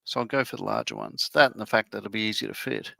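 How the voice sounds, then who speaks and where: A man hosting a casual livestream over a video call, full of quick jokes and quips. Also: fairly low pitch, huge pitch swings, creaky, pushed and bright.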